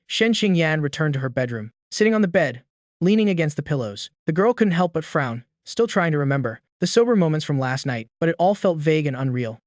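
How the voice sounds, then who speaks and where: A man's voice: fairly high pitch, dry recording. Man narrating a story, dry close sound.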